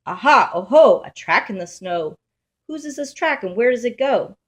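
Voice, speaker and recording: A woman's voice: a little high, animated, normal speed, pitched above the performer's own voice, close to an everyday voice. A woman voicing a small, curious young female monster who asks eager, questioning things in a sing-song way. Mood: excited.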